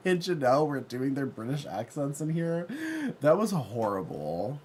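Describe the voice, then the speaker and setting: A man's voice: mid-range voice, slow. A man livestreaming a game, chatting casually and playfully with his chat and laughing often. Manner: campy, playful, reads chat aloud; laughs often, yells when excited.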